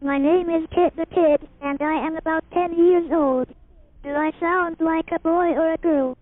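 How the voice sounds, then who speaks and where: Kit the Kid, a synthesizer doing a robotic child. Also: male voice, very high voice, measured pace, dry recording, voice pushed up. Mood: plain. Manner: flat, robotic, evenly spaced syllables. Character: synthesized child voice, about ten, boy or girl. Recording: lo-fi phone-like 1980s tape.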